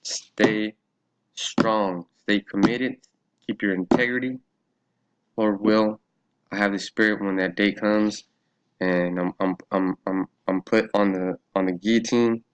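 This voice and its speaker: A man's voice: fairly low pitch, fairly even intonation, slow pace, slight background noise. A man talking casually through a Bible study in his own video, loose and swearing, laughing and thinking aloud as he reads. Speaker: religious vlogger.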